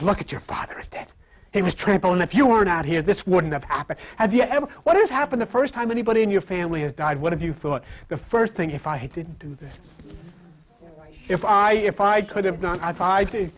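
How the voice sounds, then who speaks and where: A spiritual teacher delivers an informal sermon to a live audience in the room. His voice is high and animated, and he keeps things lively and conversational, acting out the voices of people he quotes.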